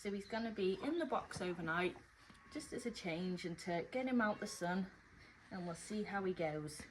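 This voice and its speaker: A woman's voice: lowish voice, animated, normal speed, slight background noise, rough recording. A woman vlogging from her stable, talking fondly and teasingly to her horses and viewers. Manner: fond, teasing, mock-stern talk to horses. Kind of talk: casual vlog chat to horses and viewers.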